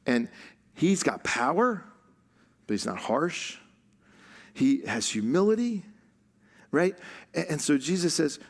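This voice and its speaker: Casual sermon, male pastor, slightly high voice with some gravel, chuckles as he teaches. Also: animated, takes it slowly, long pauses. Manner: conversational, laughs often, stretches words for emphasis. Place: church stage.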